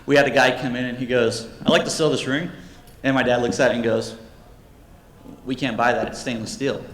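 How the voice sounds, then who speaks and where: A man's voice: mid-range voice, flat delivery, a little fast, fairly bright tone. A young man, a jeweler, casually telling funny customer stories to a convention audience and acting out the people in them. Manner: jokey, acts out customers and his dad in raised voices. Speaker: jeweler giving a convention panel talk. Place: convention panel room. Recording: roomy hall with faint background noise.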